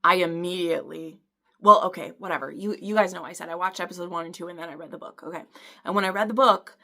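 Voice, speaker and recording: A woman reviewing a romance book adaptation in a casual video, gushing and excitable, rambling with fillers and restarts, swearing for emphasis. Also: fairly low pitch, quick pace, gravelly.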